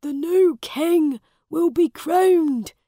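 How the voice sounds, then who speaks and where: A woman's voice: very high-pitched, drawn-out words, mellow, no room sound, studio quality, pitched above the performer's own voice, heavily acted. A woman voicing a small, worried, loyal old manservant in a storybook reading.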